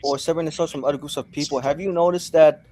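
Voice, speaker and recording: A man's voice: a little high, fairly even intonation, racing, warm tone, a little hiss or hum. A man hosting a casual panel discussion, often chiming in with agreement. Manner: agreeable, chimes in often with yeah and right.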